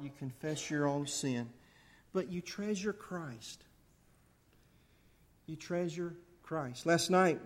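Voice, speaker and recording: Fervent preacher, high voice. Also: male voice. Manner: swings from loud fervent bursts to soft intimate asides. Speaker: pastor. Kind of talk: sermon.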